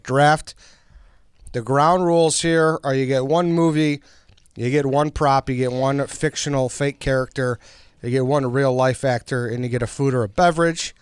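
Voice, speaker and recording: Smooth-voiced man hosting a podcast. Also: mid-range voice, no echo, clean studio sound. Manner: upbeat, runs the show. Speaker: podcast host. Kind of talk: casual chat and ad read.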